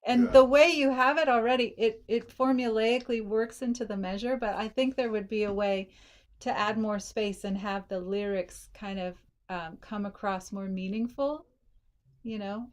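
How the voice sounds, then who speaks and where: A woman's voice: medium pitch, steady tone, moderate pace. A woman coaching a songwriter, thinking aloud and singing lyric lines to show phrasing, with a slight frog in her throat. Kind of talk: casual feedback session.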